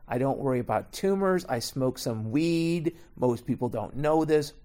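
A man's voice: mid-range voice, expressive, moderate pace, dark tone, lightly acted. A man voicing a curt, dismissive older male president brushing off an underling.

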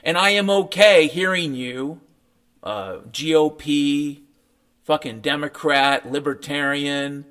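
A man's voice: on the high side, takes it slowly, a bit bright, clear, resonant tone. A man ranting in a sardonic, profane monologue as a podcast host, mocking what others tell him. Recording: faint piano music behind.

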